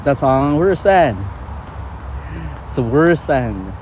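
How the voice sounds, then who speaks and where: A man teaching spiritual ideas in casual conversation, animated and laughing often, with non-native grammar. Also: mid-range voice, takes it slowly, slight background noise. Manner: animated, acts out quoted voices, laughs often.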